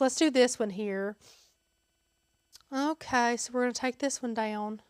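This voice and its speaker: A woman's voice: on the high side, unhurried, clean tone, dry recording, studio quality. A woman hosting a casual step-by-step crafting tutorial, chatty and upbeat, talking straight to her viewers.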